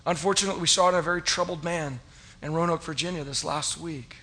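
A middle-aged man preaching a sermon as a pastor, telling stories and acting out his past self with loud, rising cries. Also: a little high, steady tone, fast talker.

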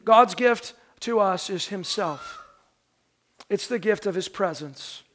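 A man in his thirties preaching a Christmas sermon, telling a joke story and then slowing down to stress key phrases. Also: high-pitched, a bit bright, a little hiss or hum. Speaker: pastor.

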